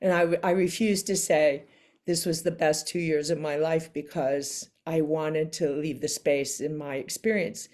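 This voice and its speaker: Woman, interview guest, low-ish speaking voice, animated storyteller who acts out quoted people. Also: a little slow. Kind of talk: casual storytelling in a sit-down interview.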